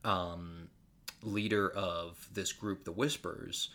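A man co-hosting a casual podcast, chatting loosely, swearing freely and breaking into quick impressions. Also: sits low. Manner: animated, swearing, breaks into impressions of show characters. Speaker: podcast co-host. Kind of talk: casual chat.

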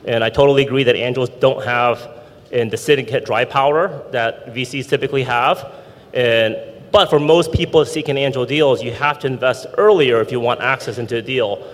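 A man's voice: medium pitch, normal speed. Businesslike male entrepreneur on a panel. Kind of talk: panel discussion. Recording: long hall reverb.

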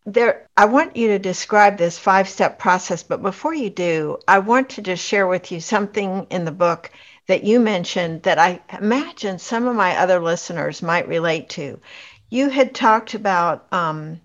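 A woman's voice: medium pitch, normal speed. Affirming woman host, dull lo-fi sound. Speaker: podcast host. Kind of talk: interview conversation.

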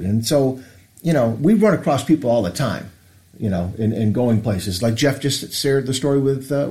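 Male co-host, mellow and warm tone, earnest storytelling in casual faith talk. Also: medium pitch. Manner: earnest storyteller, acts out quoted voices. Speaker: podcast co-host. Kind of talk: casual faith-based chat.

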